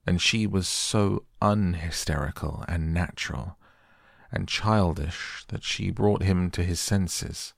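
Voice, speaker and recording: A man reading a classic novel aloud as a soft, soothing bedtime audiobook. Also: low-pitched, vocal fry, no room sound, studio quality. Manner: slow, soothing. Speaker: audiobook narrator.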